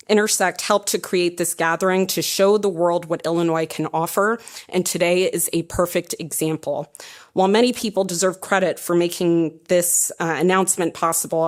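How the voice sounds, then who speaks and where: A woman speaks at a press conference, delivering a prepared, upbeat speech with a slightly low voice. She works briskly through lists of partners and thanks, with a light touch of humor. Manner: upbeat, reads thank-you lists, laughs at own jokes. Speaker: president and CEO of an economic development group.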